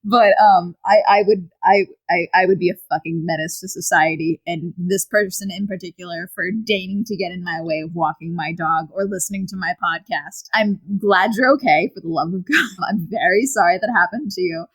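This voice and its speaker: A young woman hosting a casual podcast, excitable and high strung, often laughing as she reads listener stories. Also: normal speed, hardly any pauses, low-quality recording. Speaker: podcast host.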